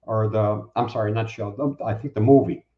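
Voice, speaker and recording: A man talking as a guest, preaching in a casual, animated way and acting out the people he quotes. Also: fairly low pitch, normal speed. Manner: animated, acts out quoted speakers. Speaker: guest, Bible teacher. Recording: roomy, dull lo-fi sound.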